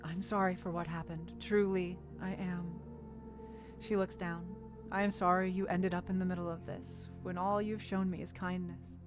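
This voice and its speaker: A woman voicing a tired, apologetic young woman in a game, speaking softly and hesitantly. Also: fairly low pitch, level tone, normal speed, over music, close to an everyday voice. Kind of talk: reading game dialogue aloud.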